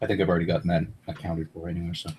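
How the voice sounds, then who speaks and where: A man chatting casually with his game group on a video call, quick and full of stumbling restarts. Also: sits low, little pitch movement, noisy background. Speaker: player.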